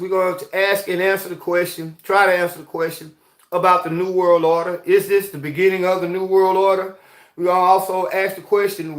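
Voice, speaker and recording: A man's voice: high voice, a bit bright, reverberant. A man hosting a rambling, heated commentary monologue, often asking "you see what I'm saying". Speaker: host.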